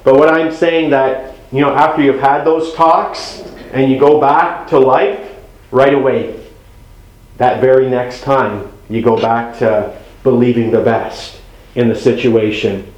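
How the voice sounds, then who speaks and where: A man's voice: mid-range voice, fairly even intonation, unhurried, a little mellow, reverberant, rough recording. A man speaking as a pastor to an audience about marriage, conversational and humorous, acting out little quotes from spouses. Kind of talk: sermon-style marriage talk.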